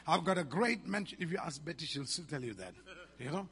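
Gravelly Malaysian pastor preaching. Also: male voice, fairly high pitch, animated, brisk, a bit bright. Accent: Malaysian English. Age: 50s. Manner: emphatic preaching with call-and-response questions. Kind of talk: sermon. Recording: reverberant hall.

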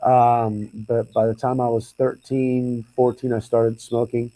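Mellow man, rambling chat. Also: mid-range voice, little pitch movement, measured pace, dry recording, low-quality recording. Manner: rambling, with frequent restarts. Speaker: podcast co-host. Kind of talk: casual chat.

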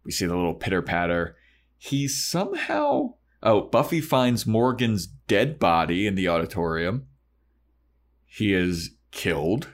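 A man's voice: on the low side, very animated, a little slow. A man co-hosting a podcast, casually recapping a TV episode and acting out characters' lines. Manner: retells scenes, acting out lines. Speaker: podcast co-host.

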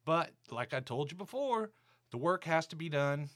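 A man's voice: on the high side, big pitch swings, moderate pace, fairly bright tone, voice pushed up. A man voicing his brusque, arrogant older male boss, an ex-military type who talks in a dismissive, commanding way. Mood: angry.

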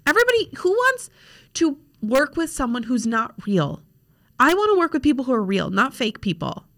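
Chatty young woman, frank and lively. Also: high-pitched, moderate pace. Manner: chatty, frank, many fillers. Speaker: social media coach and podcast host. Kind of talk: casual podcast talk. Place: home desk with laptop.

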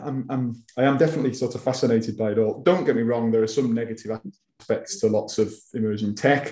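A man's voice: medium pitch, dark tone. A man with a Wigan accent, an author chatting as an interview guest, self-deprecating, with frequent stammered restarts. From Wigan, England. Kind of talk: casual interview chat. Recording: echoey room.

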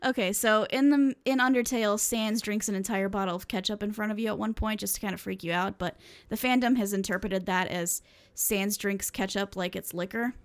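A woman's voice: mid-range voice, fairly even intonation, brisk, hardly any pauses. A young woman co-hosting a casual chat, reading fan fiction aloud with frequent laughs and fillers. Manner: giggly, chatty, lots of fillers.

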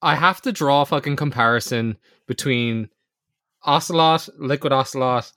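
An Irish man in casual podcast chat, excitable and profane. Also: medium pitch, moderate pace, no room sound, studio quality.

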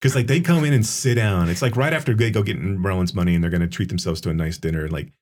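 A man's voice: low voice, fast, a little mellow. A man co-hosting a podcast, talking casually and profanely about a film, rambling with many restarts. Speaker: podcast co-host.

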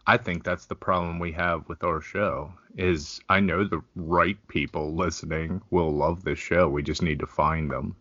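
A man co-hosting a podcast in casual crude comedy chat, laughing often and joking in an animated way. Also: sits low, measured pace, few pauses, no echo, dull audio. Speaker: podcast co-host.

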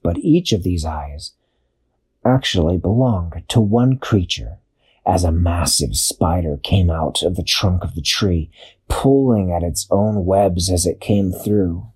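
A man narrating an improvised children's story in an expressive, drawn-out storytelling manner. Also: deep voice, slightly rough. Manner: expressive, drawn-out storytelling with sound-effect pauses.

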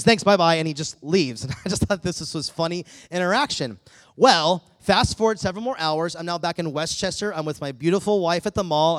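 A man preaching a sermon, telling a story with lively acted-out dialogue, a middle-aged pastor. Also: fairly high pitch, no echo, clean studio sound.

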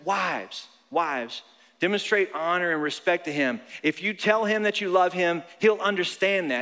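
A young adult man preaching a sermon to a congregation. He is animated and joking, and he repeats phrases for emphasis. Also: sits high, clear, resonant tone. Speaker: pastor. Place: large church auditorium. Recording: long hall reverb.

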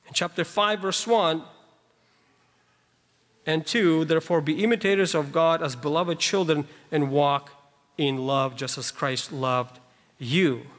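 A man's voice: on the high side, measured pace, pauses often, fairly bright tone. A man preaching a sermon, explaining scripture verses emphatically with conversational asides to the congregation. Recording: long reverb of a large hall.

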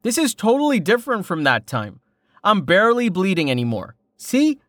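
Man playing a stubborn young guy, wry, protesting, lively. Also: sits high, moderate pace, no echo, studio quality, pitched above the performer's own voice, heavily acted. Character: stubborn young man, injured, making light of it.

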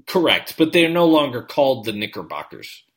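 A man co-hosting a podcast in casual sports chat, animated and full of quick restarts. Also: medium pitch. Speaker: podcast co-host.

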